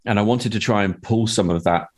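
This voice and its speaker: A man's voice: fairly low pitch, fairly quick. A man who writes scripts, talking in a hesitant, rambling way with many restarts. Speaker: podcast guest and script writer. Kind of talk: casual chat.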